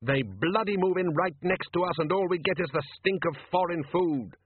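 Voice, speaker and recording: A man's voice: high voice, normal speed, breathy edge, no room sound, pitched above the performer's own voice. A man voicing a stubborn, grumbling middle-aged father who blusters indignantly, in an audiobook. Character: grumpy stubborn raft-going father, male, middle-aged. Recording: tinny lo-fi dry recording.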